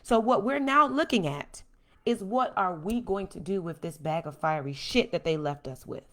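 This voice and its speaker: A woman hosting a podcast, giving a blunt, emphatic, preachy monologue that swings from calm to loud. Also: medium pitch, moderate pace. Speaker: podcast host. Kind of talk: impassioned monologue.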